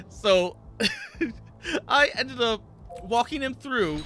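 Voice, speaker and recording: A man's voice: very high-pitched, drawn-out words, pauses often, sharp tone. A man casually telling a story while streaming a game, rambling with many fillers and laughs. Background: game music.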